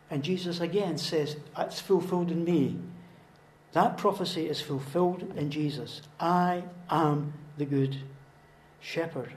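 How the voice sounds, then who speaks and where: A man preaching with earnest conviction, his slightly high voice swelling into emphatic, repeated declarations. The sound carries the roomy echo of a church hall. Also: takes it slowly, long pauses, a little hiss or hum. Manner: earnest, repetitive, rising to emphatic proclamation. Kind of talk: sermon.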